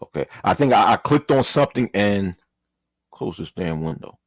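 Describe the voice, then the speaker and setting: A man's voice: fairly low pitch, expressive, moderate pace, no echo. A man hosting his own channel, reading a news article aloud and commenting in a casual way, with an apology or a mild curse now and then.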